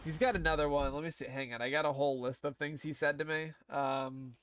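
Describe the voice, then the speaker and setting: A young man chats casually on a live game stream, rambling and swearing freely as he goes. His voice sits a little high for a man, and a faint hum of background noise runs under it. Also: steady tone, fairly quick, a bit bright. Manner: rambling, profane, laughs often.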